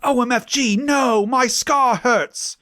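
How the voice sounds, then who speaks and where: A man's voice: high voice, animated, normal speed, a bit bright, dry recording, clean studio sound, voice pushed up. A man voicing a whiny, emotional young vampire boy who squeals and wails. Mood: panicked. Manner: squealing, wailing.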